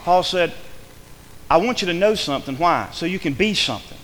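A man preaching a sermon in a church with emphatic delivery, swinging between hushed passages and loud, fervent ones. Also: high-pitched, lively intonation, fairly quick, in a large hall.

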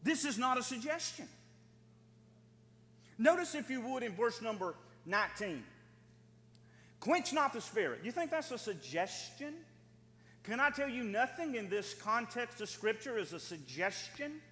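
Pastor, male, high bright voice, emphatic repeating sermon style, long hall echo. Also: big pitch swings, unhurried, pauses often. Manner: emphatic, repeating phrases for stress.

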